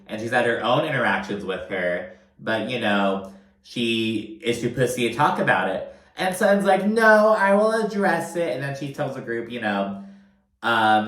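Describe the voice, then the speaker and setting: A man's voice: medium pitch, fairly bright tone, reverberant. A young man hosting a casual reality TV recap, rambling with lots of fillers and frequent swearing. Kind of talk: casual profane commentary.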